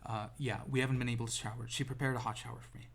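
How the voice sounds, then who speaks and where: A man's voice: mid-range voice, little pitch movement, very fast. Rambling self-deprecating young man. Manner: rambling, self-deprecating, frequent restarts and ums. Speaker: vlogger. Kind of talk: casual storytelling monologue. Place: indoors, seated in a chair.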